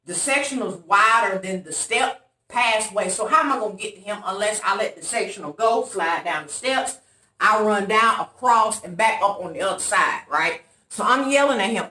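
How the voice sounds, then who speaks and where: A woman vlogger telling a long story to her viewers in a casual, dramatic way, acting out the voices of the people in it. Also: medium pitch. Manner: animated, dramatic retelling with loud quoted voices. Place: room in an apartment. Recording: echoey room, voice off-mic.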